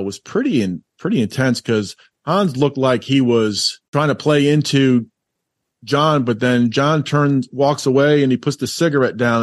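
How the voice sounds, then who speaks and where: A man's voice: medium pitch, no echo, clean studio sound. Laughing man chatting about a movie. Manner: rambling, easily laughing. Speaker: podcast co-host. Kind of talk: casual movie chat.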